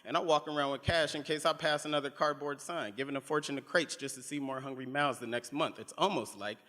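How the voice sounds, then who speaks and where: A man reading spoken word poetry at a live event, with a pointed, measured delivery of long lines. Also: a little high, fairly even intonation, pushed and bright. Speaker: poet. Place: live reading in a museum venue. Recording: long reverb of a large hall.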